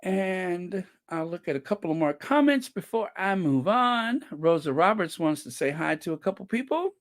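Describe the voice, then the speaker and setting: A man hosting a casual livestream, reading viewer comments aloud slowly and chuckling between them. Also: sits high, very animated, no echo, studio quality. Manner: slow and chatty, reads comments aloud with frequent "let me see" and chuckles. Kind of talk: casual live-chat commentary.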